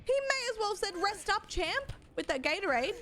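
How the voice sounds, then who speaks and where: A woman's voice: very high-pitched, sing-song, moderate pace, fairly bright tone, a little hiss or hum. A young woman, chatting casually with her chat while gaming, rambling and swearing freely. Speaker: streamer.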